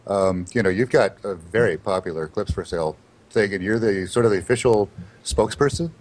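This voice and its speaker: Low-voiced wry male podcast host. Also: brisk. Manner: wry, joking interviewer. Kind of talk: casual podcast chat.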